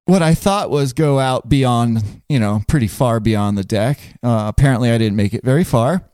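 A man's voice: mid-range voice, normal speed, darkish tone, no room sound. A man spins a long comic anecdote in loose podcast chat, full of "like" and restarts. His voice sits mid-range and the mic is close and dry, with no room sound. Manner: rambling, laughing, lots of filler words. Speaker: guest storyteller. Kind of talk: casual podcast storytelling.

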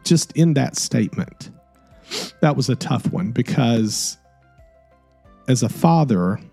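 A middle-aged man, a podcast host, telling a personal story in an earnest, soft-spoken and reflective way. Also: mid-range voice, animated, slow, creaky, husky, dry recording, soft background music.

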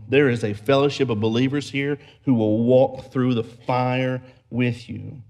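A man's voice: mid-range voice, steady tone, unhurried, hardly any pauses, darkish tone. A man preaching a sermon as pastor, building emphasis through repeated phrases and storytelling. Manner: preaching with rising emphatic repetition.

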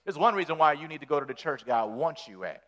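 A man preaching a sermon as pastor, animated and folksy, repeating words as he builds. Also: fairly high pitch, quick pace.

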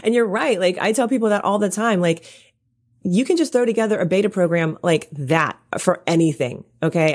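A woman's voice: lowish voice, darkish tone. A woman who works as a coach, a guest on a podcast, giving practical, encouraging advice in casual conversation. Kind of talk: casual interview chat.

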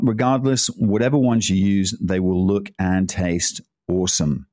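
A man's voice: sits low, steady tone, measured pace, darkish tone, no room sound, clean studio sound. A man giving a casual, chatty cooking talk, rambling into asides and laughing as he goes. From Scotland. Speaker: cooking presenter.

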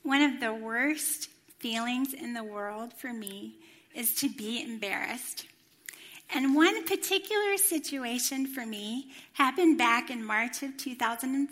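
A bright, high-pitched woman speaks from a church stage. She gives a sermon, tells a personal story with animated delivery and acts out the voices she quotes. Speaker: former children's ministry director, church speaker.

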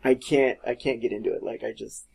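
A man's voice: mid-range voice, fairly even intonation, fairly quick, gravelly, a little mellow, husky. A man hosting a casual podcast chat, rambling and laughing often, with casual swearing. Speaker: podcast host.

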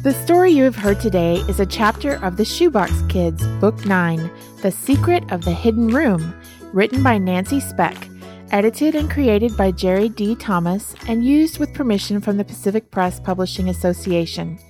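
A woman announcer reading the closing credits in an even, informative manner. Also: medium pitch, moderate pace, music in the background.

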